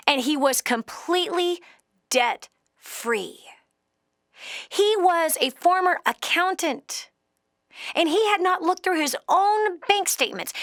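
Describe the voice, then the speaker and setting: A woman hosting a call-in show as a financial coach, lecturing a caller with blunt, emphatic tough love that swings between loud emphasis and low, quiet urging. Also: no echo, studio quality.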